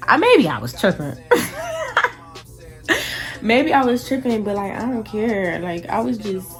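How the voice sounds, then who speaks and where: A teenage girl vlogger telling a story in a chatty, animated way, talking straight to her viewers. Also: mid-range voice. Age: teens. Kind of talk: casual storytime.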